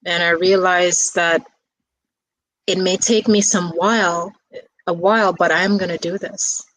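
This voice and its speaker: Low-voiced woman, soft and reflective, casual chat, dry close sound. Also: fairly even intonation, a little slow, no echo, low-quality recording. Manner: soft-spoken, reflective, with restarts and fillers. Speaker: guest. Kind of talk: casual conversation.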